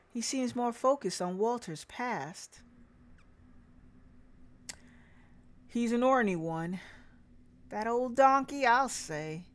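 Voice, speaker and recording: A woman's voice: medium pitch, lightly acted. A woman reading a wry, guarded farm widow.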